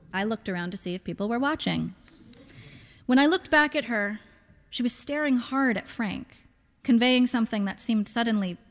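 A woman narrating literary fiction in a dry, wry storytelling manner. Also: a little high. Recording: long hall reverb.

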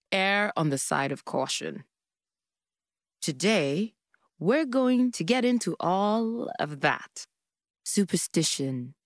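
Low, slow-spoken woman narrating. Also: no echo, clean studio sound. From Kenya. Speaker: podcast host. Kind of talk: scripted podcast narration.

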